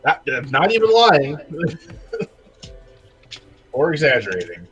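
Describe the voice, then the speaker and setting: A man with a bright, lively voice chatting on a live stream, his pitch swinging widely as he talks. He laughs easily and often loses his thread, trailing off with fillers. A faint trace of music sits in the background. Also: takes it slowly, slightly rough, muffled recording. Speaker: toy customizer, co-host. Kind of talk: casual chat on a live stream.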